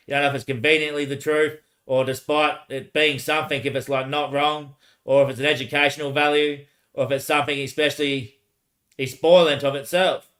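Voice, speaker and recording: A man streams solo, rambling and answering himself back and forth, often laughing and dropping "mate." His voice is on the high side and a bit bright.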